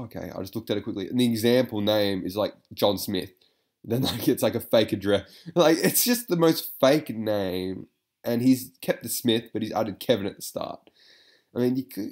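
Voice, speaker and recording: A man's voice: on the low side, darkish tone. A man giving casual reaction commentary, rambling with lots of fillers, swearing and frequent laughter.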